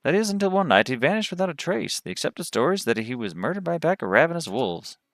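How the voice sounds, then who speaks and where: A man's voice: on the high side, sing-song, fast, fairly bright tone, no room sound, clean studio sound, voice pushed up. A man doing a drawling cowboy quest-giver. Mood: earnest. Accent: cowboy drawl, put on. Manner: earnest drawling storyteller. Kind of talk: reading game dialogue aloud.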